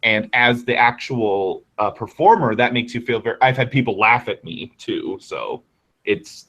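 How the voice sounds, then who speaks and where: Give me a man of average pitch hosting a casual conversation. He talks candidly and rambles from point to point. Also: fairly bright tone, low-quality recording. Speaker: host. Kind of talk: casual chat.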